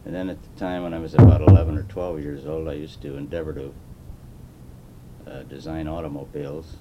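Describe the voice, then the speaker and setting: A man in his seventies from Chicago, telling his life story slowly with many fillers in an oral history interview. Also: level tone. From Chicago, USA. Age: 70s. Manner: unhurried, rambling with fillers. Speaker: interviewee, retired car designer. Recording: noisy 1980s tape with rumble.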